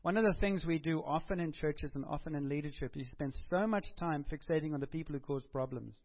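A man preaching a sermon as pastor in a lively, conversational way. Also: a little high, fast talker, highs cut off. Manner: animated, conversational preaching with acted quotes.

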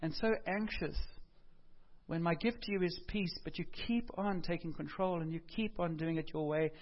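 A man delivers a sermon in a slightly high voice. He talks conversationally, lifting his voice for emphasis and going quiet for quoted lines. The sound is dull and lo-fi. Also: normal speed. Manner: conversational, animated, rises for emphasis and drops softly for quoted words. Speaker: preacher.

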